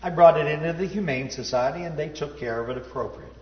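A man telling a personal story in a sermon, folksy and self-deprecating, dropping to a low hush at the sad parts. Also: fast. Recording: roomy hall reverb, dull sound.

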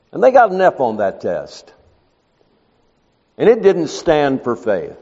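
A man preaching a sermon, telling the story in an animated, emphatic way. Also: sits high, slow pace, in a large hall, muffled recording.

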